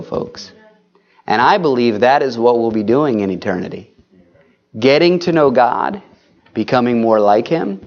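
A man preaching a sermon to his congregation in an earnest, pleading way, repeatedly calling them folks. His voice sits at a middle pitch. The recording is dull and lo-fi. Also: a little mellow.

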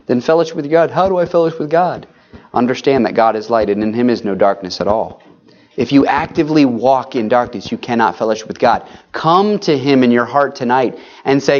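A man's voice: medium pitch, animated, a little fast, darkish tone, lo-fi sound. A man preaching a sermon, earnest and pleading, often calling his listeners folks.

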